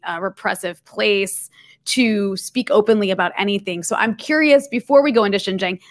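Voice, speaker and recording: A woman hosting a podcast, framing long, winding questions and adding fillers along the way. Her voice has an ordinary middle pitch. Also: a bit bright. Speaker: podcast host. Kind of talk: podcast interview.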